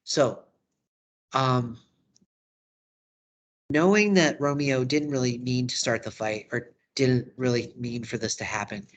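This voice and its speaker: A man's voice: medium pitch, fairly bright tone. A man teaching drama, walking through a study guide in a casual, conversational way. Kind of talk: lesson recap video.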